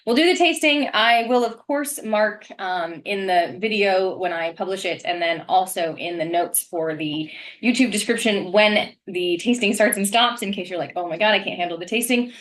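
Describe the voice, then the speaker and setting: A woman presenting a casual wine lesson in a chatty, rambling way, often pausing on "um" fillers. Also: mid-range voice, fairly bright tone, a little hiss or hum.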